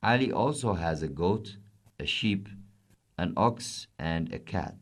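A man reading a children's storybook in short, simple sentences. His voice is very deep and low. He reads clearly and steadily for young listeners. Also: lively intonation, takes it slowly.

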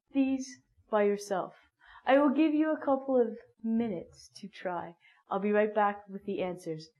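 A woman teaching an English phonics lesson, speaking slowly and clearly with playful dramatic gasps. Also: fairly high pitch, darkish tone. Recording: dull lo-fi sound.

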